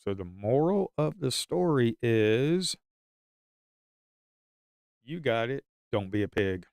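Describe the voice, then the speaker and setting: A man streaming live stock trading commentary, emphatic and repetitive as he makes his points. His mid-pitched voice is smooth and clear. It sounds dry and close, with no room echo. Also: sing-song, slow, a little mellow.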